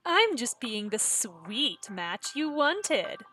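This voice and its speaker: A woman's voice: on the high side, sing-song, takes it slowly, bright, forceful tone, faint music behind, heavily acted, low-quality recording. Chloe, a woman reading a sweetly menacing girlfriend. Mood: sinister. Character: young woman, girlfriend turned cold and sinister.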